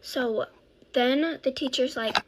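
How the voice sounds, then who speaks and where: A woman's voice: high voice, slow, noisy background. Rambling woman telling a funny story. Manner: rambling, self-correcting, animated. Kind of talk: casual storytime.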